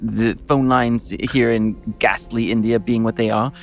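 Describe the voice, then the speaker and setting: A man playing a posh, obsequious archaeologist who stammers and flatters. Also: mid-range voice, a little slow, soft background music, voice pushed down, lightly acted. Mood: ingratiating. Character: fussy, toadying archaeologist, man.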